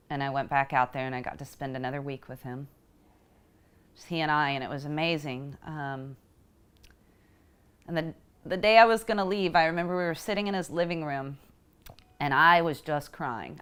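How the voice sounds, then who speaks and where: A woman telling a personal story in a reflective, emotional way, pausing often as she speaks. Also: extremely low pitch, smooth. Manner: reflective and emotional, halting with pauses. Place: Houston.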